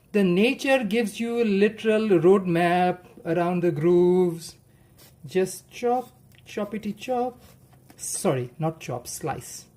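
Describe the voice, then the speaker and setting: A woman's voice: medium pitch, warm tone. A woman hosting a cooking livestream, chatting playfully and chanting silly sing-song phrases as she cooks.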